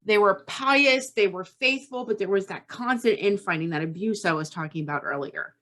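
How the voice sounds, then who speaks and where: A woman's voice: medium pitch, normal speed, a bit bright. A woman hosting a podcast, telling a true-crime story casually and tagging her lines with "okay?". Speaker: podcast host.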